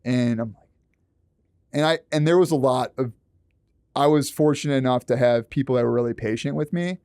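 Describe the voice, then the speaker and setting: A man talking as a guest on a podcast, animated and swearing often as he acts out quoted lines. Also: mid-range voice, brisk, dry recording, studio quality. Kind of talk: casual podcast chat.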